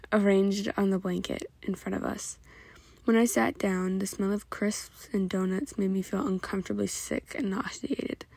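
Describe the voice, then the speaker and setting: A woman's voice: mid-range voice, gravelly, darkish tone, no echo. A woman reading fan fiction aloud in a plain, unpolished way with occasional slips. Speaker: reader.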